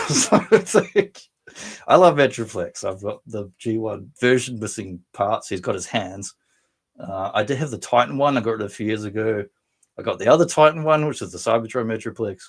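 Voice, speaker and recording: A man with an Australian accent chats loosely through a live stream, reading out comments and drifting into jokes at his own expense. His voice sounds slightly worn and strained. He rambles and keeps things light and silly. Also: fairly low pitch. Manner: rambling, self-mocking, bursts into silly voices. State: voice strained after drinking. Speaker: livestream host. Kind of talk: casual live chat reading viewer comments.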